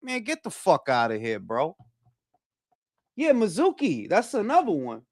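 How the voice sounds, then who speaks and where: A man's voice: high voice, huge pitch swings, a little slow, a little mellow, no room sound, studio quality. A man from Detroit with a Detroit accent, hosting a boxing talk stream and ranting in a blunt, profane, heated way. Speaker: boxing talk show host. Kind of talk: casual livestream commentary.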